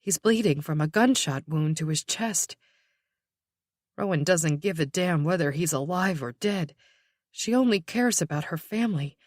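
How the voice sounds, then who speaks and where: A woman narrating an audiobook in a tense, measured voice that sinks to a whisper at dark moments. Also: sits low, lively intonation, no echo, studio quality. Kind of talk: scripted narration.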